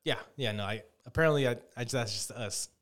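Fast-talking, profane young man ranting. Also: medium pitch, a bit bright. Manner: profane, ranting storyteller, puts on voices. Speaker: podcast host. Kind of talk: casual chat.

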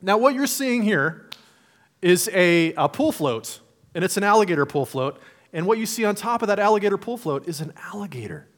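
A male pastor delivers a sermon in an easygoing, conversational manner. His voice sits a little higher than most men's. He slips into playful imagined voices to make his points. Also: animated, fairly quick.

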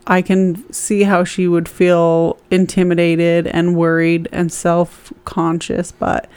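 A woman's voice: fairly low pitch, monotone, slow, a little mellow, smooth. A woman co-hosting a casual podcast chat, frank and chatty, reading listener posts and comments aloud. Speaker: podcast co-host.

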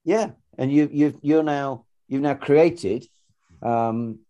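A man talks through ideas in a relaxed podcast chat, looping back over his words with restarts and fillers. His voice is mellow and warm, sitting at an ordinary pitch. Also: slow, muffled recording. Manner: rambling, frequent restarts and fillers. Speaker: podcast co-host. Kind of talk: casual conversational podcast.

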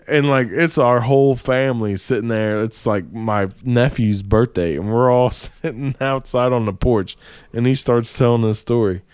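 A man's voice: medium pitch, normal speed, a little mellow, clean tone, no room sound. A man co-hosting a podcast, telling stories casually, swearing and laughing often. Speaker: podcast co-host. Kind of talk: casual chat.

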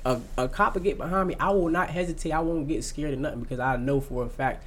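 A man's voice: fairly high pitch, fast talker, a little hiss or hum. A man in casual conversation, talking bluntly and with plenty of profanity, acting out quotes as he tells his stories. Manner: blunt, profane, animated storytelling with acted-out quotes. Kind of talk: casual chat.

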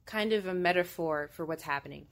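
A young woman with a slightly low voice chats casually as she comments on a movie she is watching. Her talk is loose and full of fillers, and she stays animated throughout. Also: a little fast. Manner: chatty, filler-heavy, animated.

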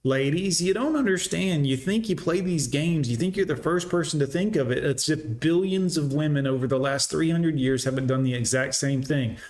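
A man's voice: a little high, normal speed, few pauses, darkish tone. Scornful lecturing male commentator. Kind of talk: reaction commentary.

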